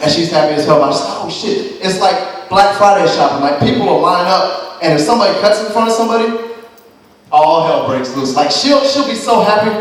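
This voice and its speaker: A young man doing a profane, animated stand-up routine, acting out the people in his stories. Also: high voice, a little fast. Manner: profane, animated storytelling with voiced impressions. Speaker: stand-up comedian. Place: comedy club stage. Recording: echoey room from far off. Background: audience laughter.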